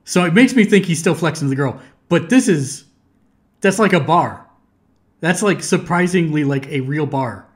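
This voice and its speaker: Middle-aged American man, talkative reaction host, trails off and restarts, slightly high voice. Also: animated, measured pace, long pauses. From United States. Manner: chatty, restarts sentences, laughs easily. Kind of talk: casual reaction commentary.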